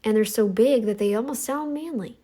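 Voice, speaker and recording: A woman's voice: a little fast, dark tone. A middle-aged woman hosting a commentary channel, talking in a sassy, scolding monologue aimed at her critics. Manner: sassy, scolding, mocks others in high voices.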